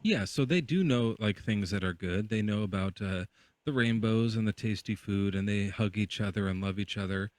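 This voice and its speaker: A man's voice: fairly low pitch, moderate pace, a little mellow, no echo. A man hosting a livestream, telling a rambling, playful hypothetical full of fillers. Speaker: livestream host. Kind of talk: casual debate chat.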